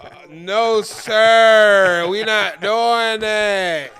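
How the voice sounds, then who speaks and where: Co-host, male, high-ish voice, quick jokey interjections. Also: bright, forceful tone, clear, resonant tone. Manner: joking interjections, teasing. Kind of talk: casual chat.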